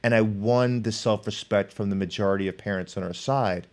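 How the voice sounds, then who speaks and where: A man's voice: on the low side, a little fast. A middle-aged man, an author and professor, telling stories in conversation and acting out the people in them. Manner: animated, acts out quoted people in his stories. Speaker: author and professor, podcast guest. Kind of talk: storytelling in conversation.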